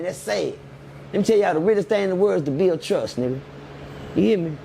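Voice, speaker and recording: Interview guest: middle-aged man, gravelly, high-ish voice, lively storyteller. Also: fast, slight background noise. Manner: animated, laughing, repeats "you hear me".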